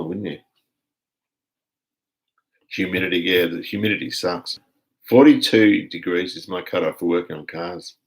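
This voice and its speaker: Australian male streamer, low gravelly voice, relaxed rambling chat with viewers. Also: low-quality recording. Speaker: live stream host reading viewer comments. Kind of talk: casual live chat.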